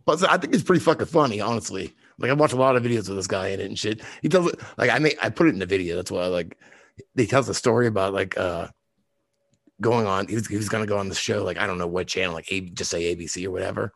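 Man from Boston, lowish husky rasp, profane storyteller, dry recording. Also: fast, no room sound. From Boston, raised in the US South from age eleven. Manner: profane, laughing storyteller who talks in restarts. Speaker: guest, video maker. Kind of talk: casual podcast chat.

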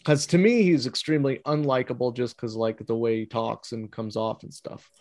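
Male podcast host, mid pitch, loose and opinionated. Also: fairly even intonation, normal speed, a little mellow. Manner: asks rambling, opinionated questions. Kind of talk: casual interview.

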